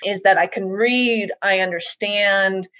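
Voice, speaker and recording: A woman's voice: mid-range voice, steady tone, slow pace, sharp tone, no echo. A woman giving a casual interview, thinking aloud with frequent restarts and fillers. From United States. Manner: hesitant, many restarts and likes, reflective. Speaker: interview guest. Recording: dull, slightly muffled dry sound.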